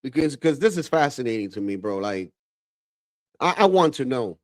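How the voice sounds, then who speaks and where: This man's voice sits at a medium pitch at normal speed as he hosts a livestream. His reactions are casual and full of slang, with animated asides and "bro" used constantly.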